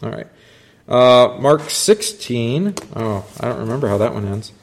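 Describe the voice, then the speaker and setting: A man's voice: lowish voice, brisk, vocal fry, roomy sound, slight background noise. Man teaching a Bible class, full of questions. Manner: rambling, asks the class questions, animated when quoting scripture.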